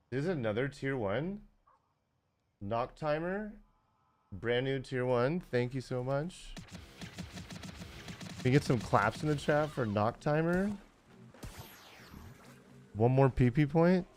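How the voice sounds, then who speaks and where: A tired man in his forties speaks in a mid-range, darkish voice that's animated but slow, with long pauses. During his casual gaming livestream he rambles, leans on fillers, and chuckles frequently.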